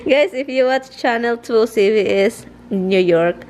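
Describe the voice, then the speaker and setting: A woman's voice: on the high side, a little slow, hardly any pauses, a little mellow, a little hiss or hum. A woman with a Filipino accent chatting casually to camera as a vlogger, laughing often while she talks about her husband. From Philippines. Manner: giggly, laughs often while telling stories. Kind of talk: casual vlog chat.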